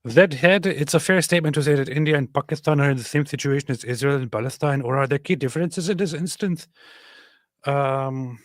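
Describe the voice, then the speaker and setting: A man's voice: a little high, brisk, no echo, studio quality. A man hosting a live-stream, chatting casually and sarcastically while reading chat messages. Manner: rambling, sarcastic, lots of fillers. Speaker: stream host.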